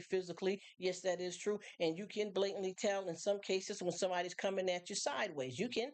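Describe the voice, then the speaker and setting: A woman with a somewhat low voice chats casually through a live stream monologue. She rambles and circles back, filling gaps with "you know" and restarting her sentences, like she is talking with a friend. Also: a little mellow. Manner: chatty, rambling, many fillers and restarts; acts out other people's voices in quotes.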